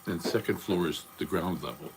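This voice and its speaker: A man's voice: low-pitched, normal speed, a little hiss or hum. An older man chatting casually on a livestream, rambling from topic to topic in a blunt, profane way. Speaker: livestream host.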